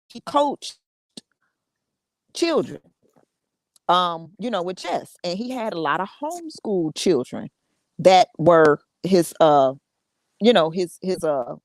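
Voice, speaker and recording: A woman hosting a show, sharing a personal story in a casual, halting way with many repeats and laughs. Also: lowish voice, a little mellow, no echo. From United States. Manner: conversational, repeats words, laughs often. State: emotional, fighting tears. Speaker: podcast host.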